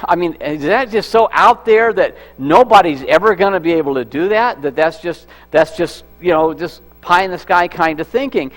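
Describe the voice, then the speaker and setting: Man, pastor, sermon, slightly high voice, long hall echo, mains hum behind. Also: fairly bright tone. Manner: conversational, repeats words and restarts, asks the congregation questions.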